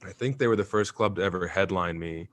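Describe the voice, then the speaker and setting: A young adult man, a stand-up comedian, chats casually in an interview, with a voice that sits a little low. He tells stories with gusto, laughs often and slips into mimicking other people's voices. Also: a little fast, fairly bright tone.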